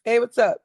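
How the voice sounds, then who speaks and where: A woman's voice: on the high side, breathy edge. A young woman hosting her own show, reading news headlines aloud and reacting with blunt, sarcastic remarks and frequent laughs. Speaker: show host.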